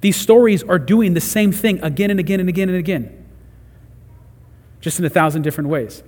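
A man's voice: high-pitched, moderate pace, darkish tone, slightly rough. A man preaching a sermon, earnest and conversational, rising to emphatic peaks. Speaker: pastor. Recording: long hall reverb.

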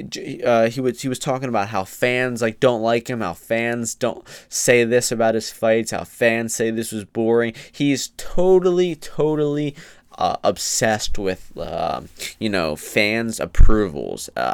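A man's voice: mid-range voice, expressive, unhurried, smooth, no echo. A man giving opinionated, rambling casual commentary on a podcast, getting heated at times.

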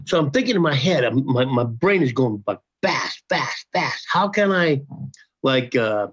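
A man in his sixties, a podcast guest, telling a story in a loose, profane, animated way and often repeating himself. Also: mid-range voice, unhurried, husky. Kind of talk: casual storytelling. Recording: dull lo-fi podcast audio.

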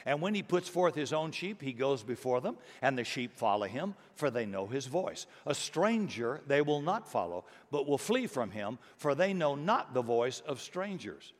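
A man's voice: mid-range voice, big pitch swings, moderate pace, few pauses. Middle-aged pastor guy preaching, earnest, gets emphatic, long echo like a big church hall. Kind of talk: sermon.

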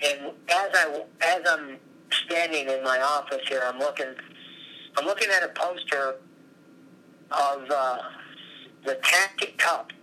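A middle-aged man tells animated, rambling stories from his office as an interview guest. His voice is very bright and sits a touch high. A faint hiss runs underneath. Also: a little slow, pauses often, low-quality recording. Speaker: former wrestler, coach.

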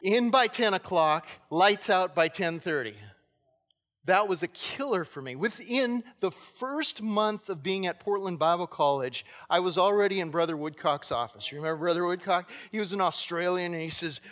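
Male pastor in his fifties, earnest storytelling sermon, fairly high voice, long church reverb. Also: normal speed, a bit bright. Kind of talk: sermon with personal stories. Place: church sanctuary.

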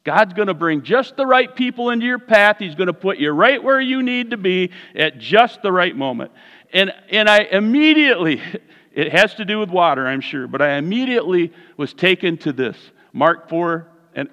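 A man preaching a sermon as pastor, animated, swinging from hushed lines to loud ones. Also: on the high side, dull audio. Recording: reverberant hall.

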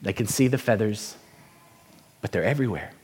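A man's voice: fairly low pitch, lively intonation, moderate pace, darkish tone, breathy edge. A man preaching a sermon, telling a story and asking the congregation rhetorical questions in a conversational way. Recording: reverberant hall.

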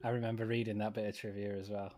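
A man's voice: lowish voice, level tone, quick pace, darkish tone. A young man with a Sheffield Yorkshire accent co-hosting a casual podcast chat, telling stories and laughing often. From Sheffield, England. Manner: chatty, laughs while telling anecdotes. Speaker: podcast co-host. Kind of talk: casual chat about a TV show.

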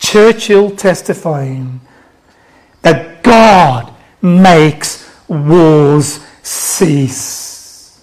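A man preaching a sermon, swinging between loud, emphatic exhortation and hushed, soft reassurance. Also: on the high side, extremely slow.

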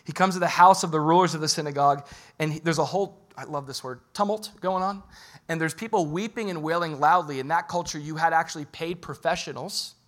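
A man's voice: on the high side, a little fast, fairly bright tone. A male pastor preaching a sermon in a casual, joking storytelling way, acting out the people in the story.

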